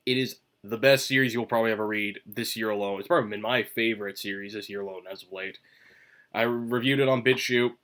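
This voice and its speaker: A man's voice: lowish voice, fairly even intonation, fast, a bit bright. A man hosting a casual solo commentary video, rambling and chewing gum as he talks, with sudden emphatic bursts. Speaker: manga commentary video host.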